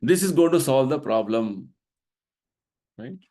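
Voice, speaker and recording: A man's voice: mid-range voice, animated, unhurried, mellow. A middle-aged man giving a devotional lecture at a temple, explaining his points earnestly and checking in with the listeners by asking "right?". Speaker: temple vice president giving a spiritual talk.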